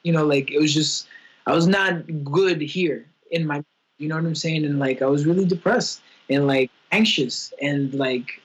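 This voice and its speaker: A young man with a husky, slightly raised voice rambles through a casual podcast chat. He talks candidly about his feelings, piling on fillers and restarts. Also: a little high, moderate pace, poor audio.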